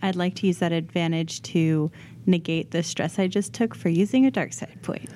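A woman's voice: on the low side, moderate pace, dark tone, slight background noise. A woman playing a tabletop role-playing game, speaking politely and matter-of-factly in and out of character. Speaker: player.

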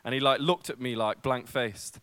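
A man's voice: mid-range voice, moderate pace, a bit bright, clear, resonant tone, no room sound. A young man preaching a sermon at a church service, casual and self-deprecating, with many fillers.

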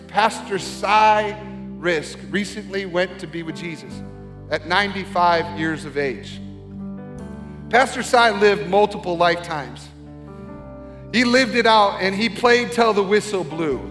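A middle-aged pastor delivers an earnest sermon in a very high voice. His words ring out in a large church sanctuary with a long, trailing reverb. Faint music sits underneath. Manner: earnest, building to shouted exhortation.

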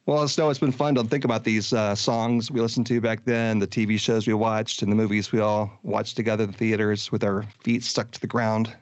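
A man's voice: fairly low pitch, fairly quick, hardly any pauses, dry recording. Man in his fifties, dull dry recording. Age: 50s. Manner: relaxed, rambling, with fillers. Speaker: podcast host. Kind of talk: casual nostalgic chat.

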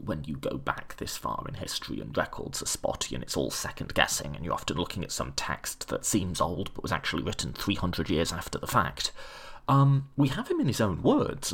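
Male history presenter, deep gravelly voice, animated and informal, eager explainer. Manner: chatty and enthusiastic, with fillers and self-corrections. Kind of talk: casual lecture-style explanation.

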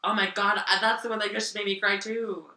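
A young woman co-hosting a podcast in casual chat, with a dry, deadpan, sassy manner. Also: mid-range voice, brisk, a crowd in the background. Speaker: podcast co-host. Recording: roomy, distant mic.

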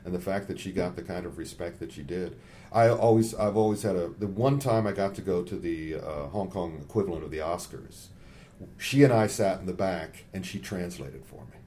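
Low-voiced animated male storyteller. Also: moderate pace, a little hiss or hum. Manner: animated storyteller, acts out quotes in high voices. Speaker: guest, martial arts film expert. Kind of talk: casual podcast chat.

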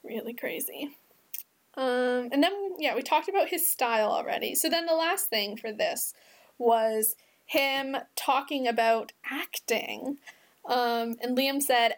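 A woman's voice: high-pitched, slow pace. A woman co-hosting a podcast in casual chat, talking with lots of "like" and easy fillers. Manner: chatty, many fillers. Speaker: podcast co-host.

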